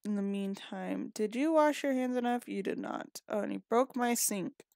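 A woman's voice: on the high side, normal speed, creaky, darkish tone, no echo, clean studio sound. Chatty woman scolding her game characters. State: sniffly and yawning. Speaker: gaming video creator. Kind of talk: casual gameplay commentary.

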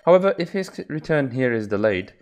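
A man voicing a gentle, earnest young noblewoman who talks courteously with small hesitations. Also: medium pitch, big pitch swings, fast. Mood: polite.

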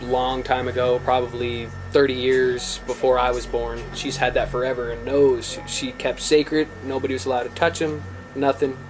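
A man's voice: medium pitch, level tone, moderate pace, hardly any pauses, over music, rough recording. A man from the family in a documentary interview, matter-of-fact as he recalls family things.

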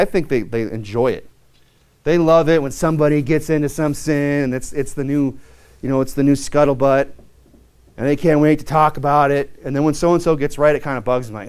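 Male pastor preaching an animated sermon with acted-out quotes. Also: a little high.

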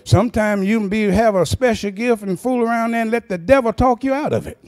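A man preaching a sermon as pastor, folksy and chuckling, rising into shouted, sing-song cadences. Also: sits high, fairly quick, hardly any pauses.

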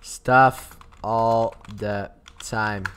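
A young man commentating a game casually, excitable, swinging from muttering to yelling and swearing. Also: on the low side, very slow, slight background noise. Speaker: gameplay commentator.

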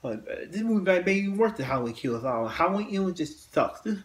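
Man, slightly high voice, halting casual rant, repeats himself, blunt swearing. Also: sing-song. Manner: halting, many restarts and repeated words, blunt cursing. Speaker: host.

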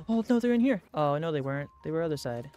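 A man giving let's-play commentary, excitable, gasping and talking to himself as he plays. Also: on the high side, quick pace, soft background music. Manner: excitable, gasps and talks to himself. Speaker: gaming YouTuber.

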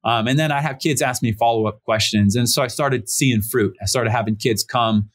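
In an easygoing interview, a pastor in his thirties, connected remotely as a podcast guest, tells a story from his life with plenty of fillers. Each person he quotes gets a raised-voice impression. His pitch is typical for a man, and he keeps a moderate pace.

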